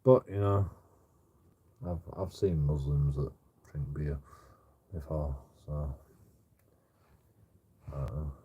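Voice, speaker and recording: A man's voice: a bass voice, slow pace, long pauses, mellow, husky, highs cut off. A man telling a rambling story in casual chat, stammering over repeated words and swearing a lot. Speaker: streamer. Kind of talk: casual anecdote.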